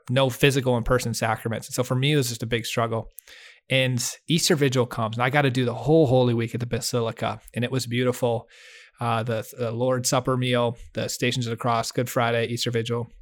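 A man co-hosting a faith podcast over a video call, telling a personal story in an earnest, heartfelt way with restarts and soft laughs. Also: mid-range voice. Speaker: podcast co-host. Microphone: video call setup.

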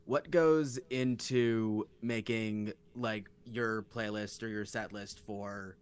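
A man with a smooth, resonant voice hosts a casual podcast. He draws out his questions slowly and drops crude jokes. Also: fairly low pitch, steady tone. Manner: slow, drawn-out questions, crude humor. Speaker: podcast host.

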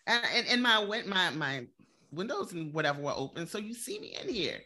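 A woman's voice: fairly low pitch, sing-song, brisk, pushed and bright. A woman with a New Orleans accent, co-hosting a podcast and telling blunt, profane stories in casual chat. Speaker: podcast co-host.

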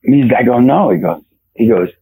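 A man with a gravelly, husky voice tells a fervent faith story as a radio guest, now and then shouting for emphasis. His voice sits a touch high for a man, and the sound is close and dry. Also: lively intonation, fairly quick, no echo, rough recording. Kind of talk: animated faith testimony.

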